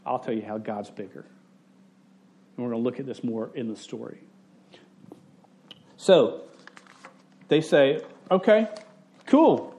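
A man preaching a sermon in a casual, joking, conversational way, slipping into quick voices for the people in his stories. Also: mid-range voice, darkish tone, highs cut off. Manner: conversational storytelling with quick voice shifts for quoted people; jokey and self-interrupting. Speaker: pastor.

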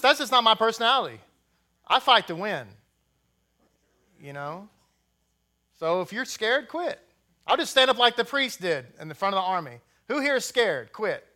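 Rousing high-voiced rabbi preaching. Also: male voice, bright, forceful tone. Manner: blunt, rousing, jokey asides to the congregation. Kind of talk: sermon.

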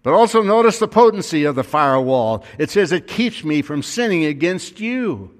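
A man's voice: fairly high pitch, animated, moderate pace. Preaching man in a reverberant hall. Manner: storytelling preacher, voice rising with emphasis. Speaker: pastor. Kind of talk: sermon.

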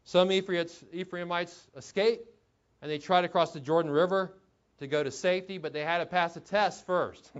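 A man's voice: high voice, fairly even intonation, normal speed. Conversational man preaching, lo-fi. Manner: conversational, chuckling asides, rhetorical questions. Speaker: pastor. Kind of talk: sermon. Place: church.

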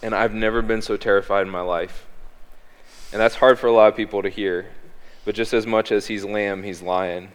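Guy w a deep monotone voice, smooth and clear, umming and restarting thru a faith story, big echoey hall. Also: normal speed. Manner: hesitant, frequent ums and restarts. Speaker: guest. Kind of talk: personal faith testimony in conversation. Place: on a stage. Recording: long hall reverb.

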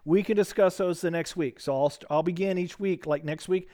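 Middle-aged male Bible teacher, slightly high, smooth resonant voice, loose rambling delivery with jokes and fillers. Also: moderate pace, dark tone. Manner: chatty, rambling, joking, many fillers and restarts. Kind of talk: casual teaching to a small group. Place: church classroom.

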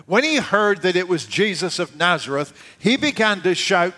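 A man preaching a sermon in a conversational way, dropping his voice low and soft to stress key points. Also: animated, normal speed, few pauses. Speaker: pastor.

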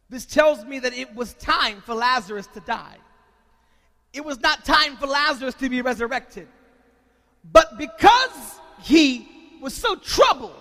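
Preacher, male, very high, bright and forceful voice, shouting then dropping low, long hall reverb. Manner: swings from shouting to hushed, calls on the congregation. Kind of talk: sermon.

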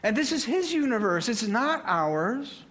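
Male pastor, sermon delivery, unhurried and measured, higher register. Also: big pitch swings, a bit bright. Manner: slow, deliberate delivery with measured pauses. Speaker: preacher.

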